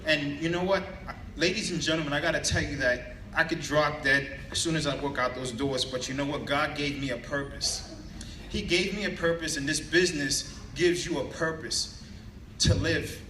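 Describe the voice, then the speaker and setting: A man's voice: fairly high pitch, moderate pace, sharp tone, slight background noise. A man in his thirties giving an emotional, chatty personal testimony to an audience. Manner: earnest, emotional, chatty storyteller. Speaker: guest speaker telling his story. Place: large event hall with an audience. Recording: echoey hall from a distant mic.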